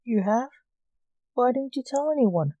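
A woman's voice: fairly high pitch, expressive, unhurried, warm tone, dry recording, highs cut off, voice pushed up. Woman voicing a curious, nervous young wizard.

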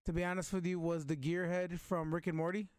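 Laid-back male co-host, high voice, cusses constantly. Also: level tone, a little fast, darkish tone, clean tone, dry recording, studio quality. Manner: profane, laid-back, laughs easily. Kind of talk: casual chat among friends.

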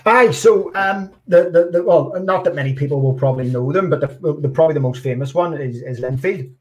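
A man's voice: on the high side, fairly quick. A Northern Irish man chatting as a podcast guest, hesitant, with many fillers and restarts. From Northern Ireland. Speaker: guest, card designer. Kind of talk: casual chat.

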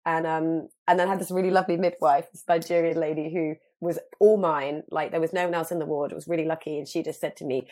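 A woman in her thirties, a guest telling a story in animated casual chat, full of fillers. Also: low-pitched, quick pace, hardly any pauses.

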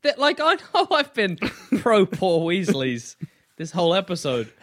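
Lively high-voiced man, laughing podcast chat. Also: measured pace. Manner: laughing, swearing, acts out quoted lines. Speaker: podcast co-host. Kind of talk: casual chat.

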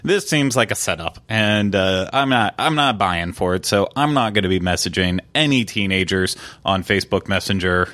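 A man co-hosting a podcast, chatting casually and reading promo copy aloud in a slow, deliberate way, laughing often. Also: fairly low pitch, sharp tone, no echo. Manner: jokey, laughs often, reads slowly and deliberately. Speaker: podcast co-host.

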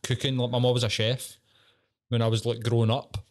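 A man's voice: mid-range voice, flat delivery, a little fast, a little mellow. A man with a Scottish accent hosting a podcast, bantering in casual chat, sweary and laughing often. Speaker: podcast host.

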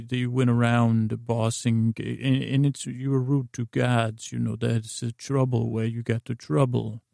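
A man's voice: mid-range voice, gravelly, mellow, dry recording, clean studio sound. A man telling a meandering bedtime story with lots of hesitant asides.

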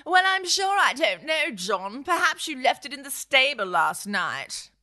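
A woman's voice: high voice, very animated, unhurried, pushed and bright, voice pushed up, heavily acted. A woman voicing a prim, dismissive wife of a wealthy man.

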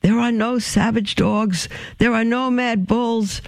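A man reading aloud, voicing a huge, angry, red-faced farmer who shouts from behind. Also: very high-pitched, fairly even intonation, takes it slowly, gravelly, dry recording, studio quality, pitched above the performer's own voice, heavily acted. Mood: bellowing. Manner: shouting from afar.

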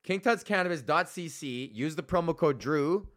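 Male podcast host, profane comic ranter, bright, somewhat high voice, bursts into loud bits. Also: lively intonation, moderate pace. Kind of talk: profane comedic rant.

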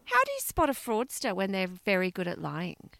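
A woman co-hosting a podcast, animated and playful in casual chat. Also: medium pitch, moderate pace, creaky, no room sound. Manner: animated, playful, swears and laughs easily. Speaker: podcast co-host.

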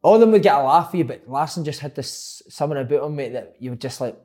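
A man in casual chat fires off questions and recalls stories from his playing days, with plenty of swearing. His voice is fairly high and his pace quick. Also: lively intonation, dark tone. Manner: sweary, keeps asking questions, recounts stories. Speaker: former footballer, podcast co-host.

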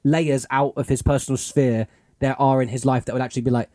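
A man's voice: medium pitch, level tone, fairly quick, mellow, dry recording, clean studio sound. A man co-hosting a podcast in casual chat, rambling and musing with lots of fillers. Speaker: podcast co-host.

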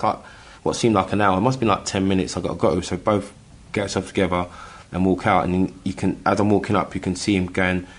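Deep-voiced man telling a halting story. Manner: halting, many restarts, acts out quoted voices. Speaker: guest telling his story. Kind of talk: casual storytelling chat.

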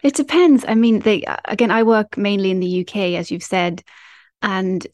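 A woman's voice: medium pitch, expressive, normal speed, darkish tone, dry recording. A young woman with a mixed Northern Irish and trained standard British accent, chatting as a guest in a self-deprecating, articulate way. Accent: mixed Northern Irish and English, trained standard British. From Northern Ireland. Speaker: guest actress. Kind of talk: casual podcast chat.

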